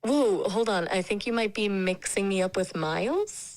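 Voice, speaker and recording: A woman's voice acting as an AI chat companion, upbeat and polite, quick to agree in casual chat. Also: medium pitch, animated, crowd noise.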